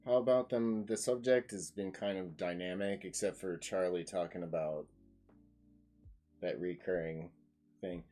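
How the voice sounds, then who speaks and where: A man's voice: low-pitched, steady tone, measured pace, dark tone, faint music behind. An American man chatting casually on a stream with a co-host, joking around and putting on silly voices. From United States.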